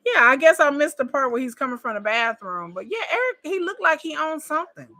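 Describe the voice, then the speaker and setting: Very animated and high-pitched, this woman talks fairly quickly in a sharp tone while giving reaction commentary on a reality show. She repeats herself, curses, and addresses viewers directly as "y'all."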